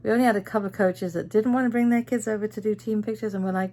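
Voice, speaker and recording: Tired, gravelly woman chatting. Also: mid-range voice, fairly even intonation, very fast, few pauses, mellow. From Britain. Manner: chatty storyteller, acts out quoted voices. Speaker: vlogger. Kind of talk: casual end-of-day vlog chat.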